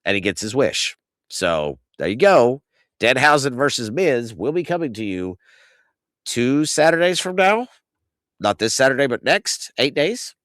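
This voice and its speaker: Brief: man in his thirties, casual wrestling-recap host, lively swooping delivery, profane rants, dry close sound. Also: unhurried, no echo. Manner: animated ranting, swings loud and high when outraged; profane, exasperated. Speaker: podcast host.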